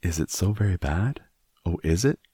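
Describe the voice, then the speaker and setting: A man's voice: low voice, lively intonation, normal speed, warm tone, husky, no room sound, studio quality. A man voicing a scared, fragile young colonial lady who pleads frantically, in an audiobook reading. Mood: pleading. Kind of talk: audiobook character voice.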